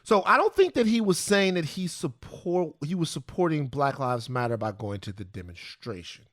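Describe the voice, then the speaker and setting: A man co-hosting a podcast, talking in a casual, animated, playful way. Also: fairly high pitch, moderate pace, no room sound, studio quality. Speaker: podcast co-host.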